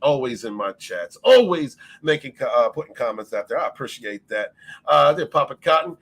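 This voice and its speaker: A man's voice: medium pitch, very animated, normal speed, a bit bright, husky. A man hosting a casual livestream, greeting his chat by name, laughing often and swearing freely. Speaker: livestream host.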